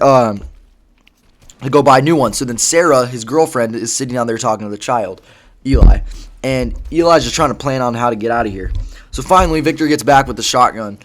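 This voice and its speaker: A man casually retelling a story, rambling with lots of fillers and swearing. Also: mid-range voice. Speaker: vlogger.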